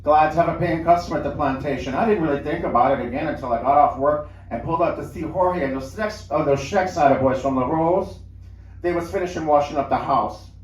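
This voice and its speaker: A man tells a first-person story aloud at a live lounge show, pitched a little high. He talks in a relaxed, conversational way with small restarts. The room sounds roomy, and the mic sits at a distance. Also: a little fast. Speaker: reader.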